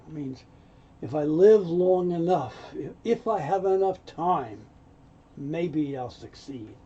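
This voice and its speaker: A man's voice: fairly high pitch, lively intonation, measured pace, mellow, slightly rough. A man teaching English pronunciation, explaining dropped sounds and acting out example lines in an offended tone. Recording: dull lo-fi sound.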